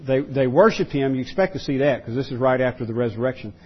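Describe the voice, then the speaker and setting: Husky-voiced pastor preaching a sermon. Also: male voice, mid-range voice, quick pace, dull audio. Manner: many restarts, repeats words for emphasis.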